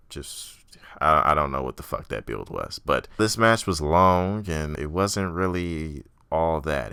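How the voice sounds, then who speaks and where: A man's voice: very deep voice, bright, forceful tone, smooth, no room sound, clean studio sound. A young man hosting a podcast, giving a blunt, profane, ranting review and mocking people in exaggerated voices. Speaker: podcast host. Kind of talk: casual solo wrestling review.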